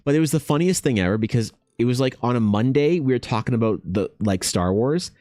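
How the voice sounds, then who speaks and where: A man's voice: medium pitch, expressive, a little fast, dark tone, dry recording, studio quality. Rambling, profane man chatting on stream. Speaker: streamer and dungeon master. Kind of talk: casual livestream chat.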